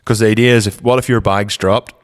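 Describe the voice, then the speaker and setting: A young man with a Northern Irish accent co-hosting a casual car podcast, rambling in a relaxed way, trailing off softly, and feeling cold. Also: lowish voice, a little fast. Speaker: podcast co-host. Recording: long reverb.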